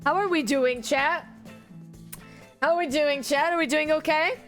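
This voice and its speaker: A woman streamer reading a dating-sim video game aloud, playful and animated, chatting with her viewers. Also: sits high, measured pace, faint music behind.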